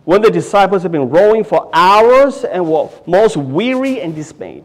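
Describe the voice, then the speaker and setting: A man delivers a sermon in a voice that sits somewhat high for a man. He preaches with passion, rising to loud exclamations and then dropping to hushed asides, often stumbling over repeated words as he presses a point. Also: lively intonation, moderate pace, few pauses. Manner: repeats words and restarts phrases. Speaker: pastor.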